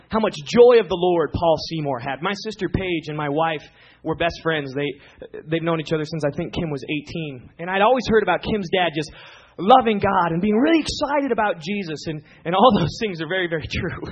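High, husky preacher man telling a story. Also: a little fast. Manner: animated, emphatic storytelling. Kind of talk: sermon storytelling. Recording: dull lo-fi recording.

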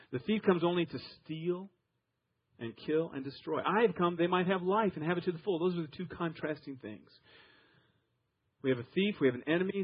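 A man preaching a sermon, grew up in Iowa, telling stories with emphatic swings from loud to soft. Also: a little high, husky, muffled recording. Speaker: pastor.

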